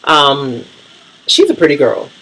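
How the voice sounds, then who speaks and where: A man's voice: on the high side, big pitch swings, takes it slowly, noisy background. A man vlogging casual reality-TV commentary, blunt, profane and gossipy.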